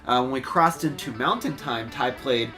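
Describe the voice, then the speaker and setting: A man's voice: medium pitch, moderate pace, sharp tone, soft background music. A man chatting casually on a band podcast, recounting a road trip with wry asides. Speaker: podcast guest, band member. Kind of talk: casual chat.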